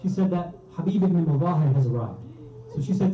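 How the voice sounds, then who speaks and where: A man's voice: a little high, expressive, fairly quick, over music. A man giving a sermon, narrating a story in a vivid, emotional way in a community religious hall. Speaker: speaker. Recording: roomy, distant, dull hall recording.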